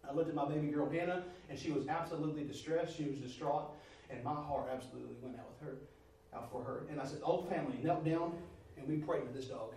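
Folksy high-voiced preacher. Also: male voice, fast, roomy sound, far from the mic, a little hiss or hum, poor audio. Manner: folksy, animated storytelling, rising to loud exclamations. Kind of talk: storytelling sermon.

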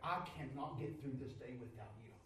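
A man preaching a sermon, moving from loud pleading prayer down to low, quiet speech. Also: a little fast, heavy reverb, recorded from a distance, a little hiss or hum, poor audio.

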